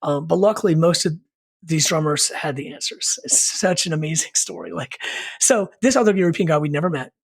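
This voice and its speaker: Husky and a little high, the voice belongs to a middle-aged punk band singer from Richmond, Virginia, US. As a podcast guest he talks fairly quickly through a long, meandering story, casual and full of fillers and asides.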